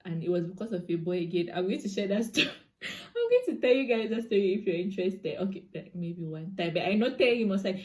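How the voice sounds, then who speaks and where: A young Cameroonian woman with a Cameroonian accent, casually telling a personal story to her viewers in an expressive, chatty way with touches of pidgin. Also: mid-range voice, fast talker. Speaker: vlogger.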